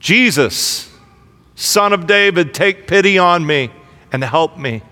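A man voicing a desperate blind male beggar who cries out for pity, with a loud, pleading delivery. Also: high-pitched, expressive, slow pace, big-room sound, full character voice.

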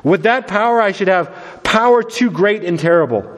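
A man's voice: high-pitched, lively intonation, normal speed, voice pushed up. A man reading aloud as a wise old male wizard, grave and earnest. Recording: long hall reverb.

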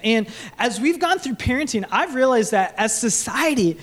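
A man's voice: very high voice, animated, normal speed, fairly bright tone. A young man, a pastor, preaching a sermon to a congregation and slipping into jokey put-on voices when he quotes people. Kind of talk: sermon with comic bits. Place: church stage before a congregation.

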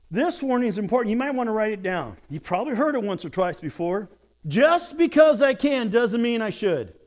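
High-pitched, animated male pastor preaching. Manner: animated storytelling with acted quotes and jokes. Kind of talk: sermon.

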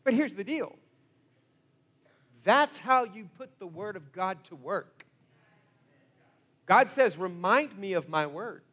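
A man preaching a sermon as pastor, telling stories in an animated way that swings from hushed asides to loud exclamations. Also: high-pitched, slow pace, long pauses.

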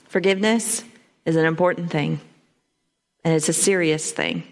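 A woman's voice: sits low, normal speed, pauses often. A woman giving a church sermon, reading scripture aloud and then explaining it in plain everyday words with frequent ums. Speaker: lay speaker.

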